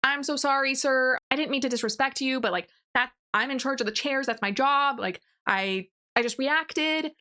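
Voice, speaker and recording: A woman's voice: high-pitched, moderate pace, few pauses, pushed and bright, pitched above the performer's own voice. A woman voicing a frightened ten-year-old orphan girl who apologizes in a breathless plea. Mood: pleading.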